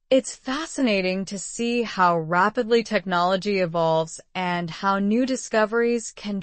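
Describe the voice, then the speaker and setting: A woman reading out model exam answers in an even, polished, measured way. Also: mid-range voice, dry recording. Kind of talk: scripted reading of sample answers.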